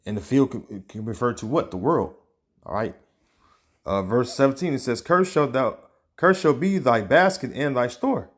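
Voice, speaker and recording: A man's voice: mid-range voice, slightly rough. A man giving informal religious teaching, talking loosely with many fillers and reading passages aloud as he searches for them. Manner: casual, peppered with "man" and "all right"; reads scripture and news aloud, pausing to search. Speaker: online preacher.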